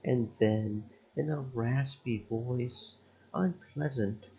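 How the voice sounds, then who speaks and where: A man streaming a game, reading its story text aloud in slow, measured narration. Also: mid-range voice, warm tone, slightly rough, rough recording.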